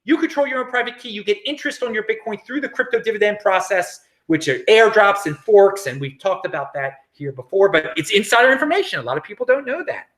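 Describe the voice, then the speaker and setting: A middle-aged American man hosting a casual livestream, reading viewer comments in an animated, chatty way with frequent laughs and restarts. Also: high-pitched, fast talker, few pauses. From United States. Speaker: crypto livestream host.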